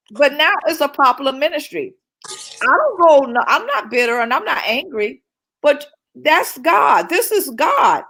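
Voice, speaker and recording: A woman's voice: sits high, bright, forceful tone, poor audio. A woman minister speaking fervently in a church-style talk, repeating phrases for emphasis.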